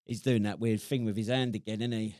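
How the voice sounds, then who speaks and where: A man's voice: fairly low pitch, fairly even intonation, a little fast, a little mellow, no room sound. A British man co-hosting a military podcast, chatting in a chummy way and laughing along. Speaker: podcast host, ex-serviceman. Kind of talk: casual banter.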